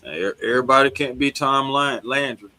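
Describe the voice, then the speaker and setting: Bright-voiced laid-back man talking sports. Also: mid-range voice, fairly quick, slight background noise, rough recording. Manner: laid-back, slangy, agreeable. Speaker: sports show co-host. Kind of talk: casual sports talk.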